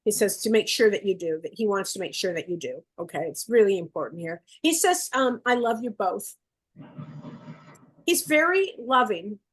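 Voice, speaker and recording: A woman giving a psychic gallery reading over a video call, coaxing and relaying messages in quick bursts. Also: mid-range voice, expressive, slightly rough. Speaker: psychic medium. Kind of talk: live online gallery reading.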